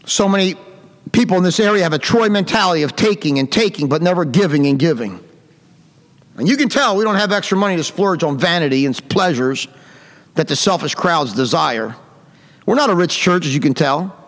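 A man's voice: sits high, a bit bright, in a large hall. A male pastor preaching a fiery sermon in a church. He reads scripture in the King James style and rants scornfully at his targets. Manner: scornful ranting, archaic King James reading. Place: church sanctuary.

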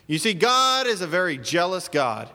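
A man's voice: high-pitched, very animated, moderate pace, bright, forceful tone, in a large hall. A man preaching a sermon as pastor, emphatic and full of rhetorical questions.

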